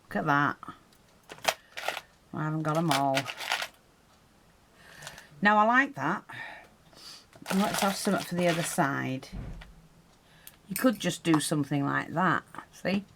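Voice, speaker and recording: A woman's voice: low voice, a little slow, long pauses, background noise. A woman teaching a hands-on craft tutorial, chatting and explaining as she works, her breathing audible while she concentrates.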